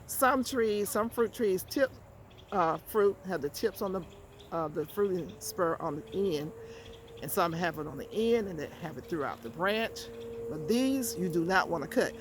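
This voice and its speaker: A Georgia woman runs a gardening channel and films a casual how-to vlog in her backyard garden, with background noise around her. Her lowish voice is expressive and measured in pace. She talks straight to viewers and repeats words to emphasize them.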